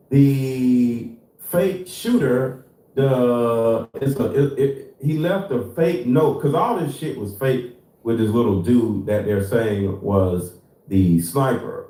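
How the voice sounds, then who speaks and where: A man's voice: mid-range voice, mellow, reverberant, distant mic, rough recording. A man hosting a livestream, ranting in disbelief and swearing often. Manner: profane, incredulous ranting. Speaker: host. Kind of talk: livestream commentary.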